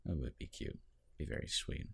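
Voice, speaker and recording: A man's voice: moderate pace, a bit bright. A young man co-hosting a podcast, chatting casually about tabletop games in a joking, laid-back way. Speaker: podcast co-host.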